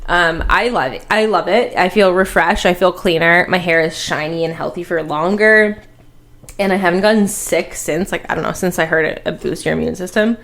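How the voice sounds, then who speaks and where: A woman's voice: fairly low pitch, moderate pace, fairly bright tone. A young woman co-hosting a podcast, telling rambling, crude stories in casual chat. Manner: rambling, crude, chatty storytelling. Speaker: podcast co-host.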